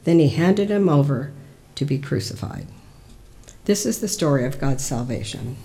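A lector giving a liturgical Scripture reading in an even, unhurried narration. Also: medium pitch.

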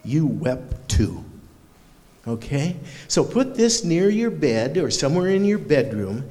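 Lively pastor with a roomy church echo. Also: male voice, on the high side, moderate pace. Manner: warm, playful, talks to children with lively questions. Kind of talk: children's sermon. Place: church sanctuary. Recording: long hall reverb in a church.

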